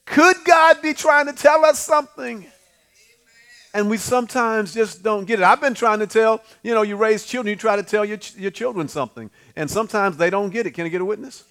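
A man's voice: high-pitched, fast talker, hardly any pauses, a bit bright. A middle-aged man preaching a folksy sermon, calling out to the congregation and acting out the voices he quotes. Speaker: pastor.

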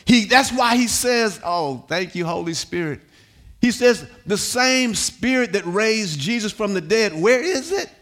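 Pastor guy preaching in church, high voice, shouts n sings lines, call and response with the crowd. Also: lively intonation, measured pace. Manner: repeats words, sings some lines. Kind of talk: sermon. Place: church hall.

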